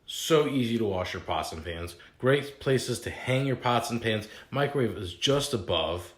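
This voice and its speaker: Deadpan joking man in echoey room. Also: mid-range voice, normal speed, few pauses. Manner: mock-serious, deadpan humor about a toy kitchen. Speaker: realtor hosting a home renovation video. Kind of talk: joking do-it-yourself walkthrough.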